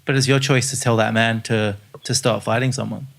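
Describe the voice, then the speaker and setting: A young man in a casual podcast chat, jokey with quick interjections. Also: fairly low pitch, steady tone, gravelly.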